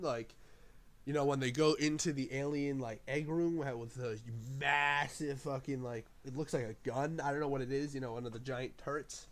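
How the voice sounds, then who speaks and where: A man reviewing a film off the cuff, rambling loosely, swearing often and breaking into enthusiastic bursts. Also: medium pitch. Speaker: movie reviewer. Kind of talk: casual unscripted review.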